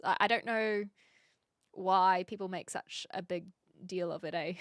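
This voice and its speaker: Bright-voiced New Zealand woman streamer. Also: medium pitch, fairly even intonation, measured pace, clear, resonant tone, no room sound, clean studio sound. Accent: rounded New Zealand. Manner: chatty and curious, laughs often, swears casually. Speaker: live streamer. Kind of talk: casual live-stream chat reacting to videos.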